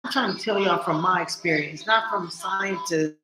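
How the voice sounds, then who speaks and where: Woman vlogger, casual blunt monologue to camera, animated, roomy sound with light background noise. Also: on the low side, moderate pace. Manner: animated, swears freely, talks straight to viewers.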